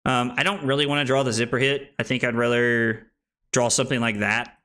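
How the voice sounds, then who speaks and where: Streaming a card game live, a young man talks through each play and trades playful, self-deprecating jokes with his viewers. His mid-range voice is level in tone, a little fast, bright, and forceful.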